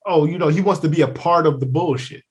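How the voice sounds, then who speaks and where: A man co-hosting a podcast in casual chat, animated and profane, acting out quoted people in funny voices. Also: a little high, fast. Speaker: podcast co-host.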